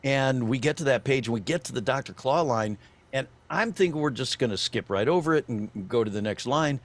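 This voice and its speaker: An older man, a voice actor guest on a podcast, telling an animated story with lots of restarts and fillers. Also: medium pitch, brisk.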